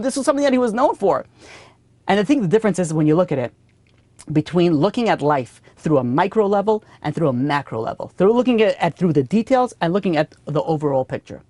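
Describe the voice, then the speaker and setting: Male rabbi, rapid delivery, animated storyteller, dry close sound. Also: sits high, no echo. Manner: animated storyteller, repeats phrases and restarts. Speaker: rabbi teaching a weekly class. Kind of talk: storytelling Torah lesson.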